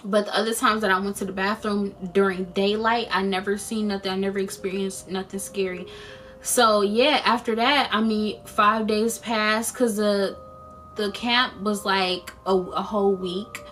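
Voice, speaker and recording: Animated young woman telling a storytime. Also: mid-range voice, normal speed, a little hiss or hum. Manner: animated, expressive retelling with slang and quoted voices. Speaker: storyteller vlogger. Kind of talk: casual storytime.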